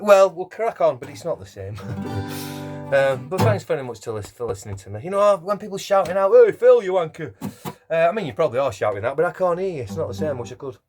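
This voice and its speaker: A man in his fifties with a slightly high voice, chatting between songs at a lockdown gig at home. His talk rambles in a cheeky, self-deprecating way, full of casual swearing. A guitar rings out clearly behind him. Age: 50s. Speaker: singer-songwriter and busker.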